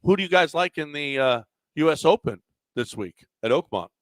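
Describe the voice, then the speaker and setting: A man's voice: a little high, lively intonation, normal speed, dry recording. A man co-hosting a sports radio show, giving out the call-in number and bantering. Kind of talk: casual sports talk. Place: radio studio.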